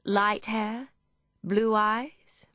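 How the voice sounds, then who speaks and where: A woman's voice: medium pitch, fairly even intonation, drawn-out words, pushed and bright, no echo, pitched above the performer's own voice. A woman voicing an anxious, well-bred young English woman who speaks urgently and with command.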